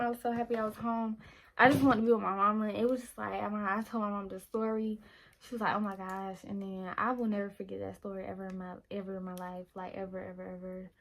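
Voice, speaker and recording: A young woman, casually telling a personal faith testimony to viewers, animated, often calling them y'all. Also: mid-range voice, poor audio. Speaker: lifestyle vlogger. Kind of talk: casual storytelling while getting ready.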